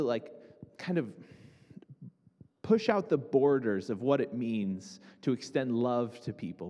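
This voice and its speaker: Male pastor, mid-pitched voice, chatty sermon delivery full of questions, long church-hall reverb. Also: mellow. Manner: conversational, asks the listeners questions often.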